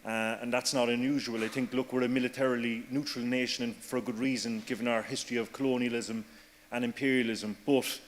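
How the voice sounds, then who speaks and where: A man's voice: medium pitch, a little hiss or hum. A man with an Irish accent giving a formal council speech, mixing in Irish phrases. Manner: even, measured delivery with Irish phrases. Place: council chamber. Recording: reverberant council chamber.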